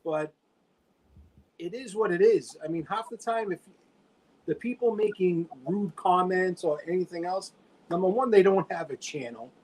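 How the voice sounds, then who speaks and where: A man's voice: sits high, moderate pace, darkish tone, a little hiss or hum, poor audio. A man chatting casually as a podcast guest, laid-back and full of slang. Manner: laid-back, says dude a lot.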